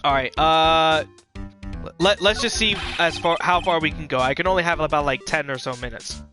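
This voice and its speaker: A man's voice: a little high, moderate pace. A man streaming a game live, reading dialogue aloud and chatting casually with small stumbles. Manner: casual, stumbles over words. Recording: music behind voice.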